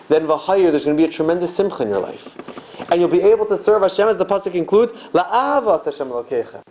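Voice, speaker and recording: A rabbi giving an animated Torah lecture to a live audience in a synagogue, repeating phrases and asking rhetorical questions. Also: male voice, sits high, poor audio. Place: synagogue hall.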